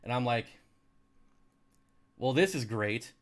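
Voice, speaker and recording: A man's voice: medium pitch, animated, slow pace. A man hosting a live stream, chatting casually and rambling through anecdotes with frequent restarts. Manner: rambling storyteller, many restarts and laughs. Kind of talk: casual chat.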